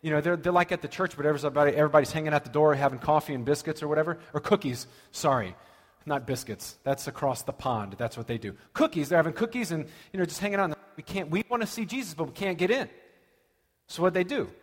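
A man preaching a sermon, telling stories with dramatic pauses and lively emphasis. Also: fairly high pitch. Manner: animated storytelling with dramatic pauses. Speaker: pastor. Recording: long reverb of a large hall.

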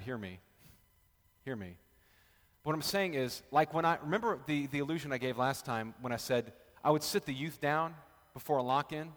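A man, a pastor, leading a casual Bible study and joking with the group in the room. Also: fairly high pitch. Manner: chatty, joking, talks with the group. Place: church room with a live group. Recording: long reverb of a large room.

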